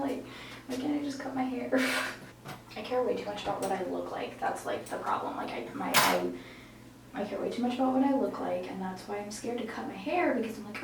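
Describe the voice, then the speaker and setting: Teen girl vlogger, high-ish voice, nervous rambling chat, echoey room, mic at a distance. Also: sing-song, a little fast, vocal fry, background noise. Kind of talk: casual vlog chat.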